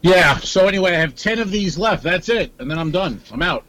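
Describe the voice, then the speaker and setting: A man's voice: sits high, expressive, fairly quick, fairly bright tone, no room sound. Male comedian co-host, casual bantering, dry room sound. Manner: easygoing, mock-indignant banter. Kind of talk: casual chat.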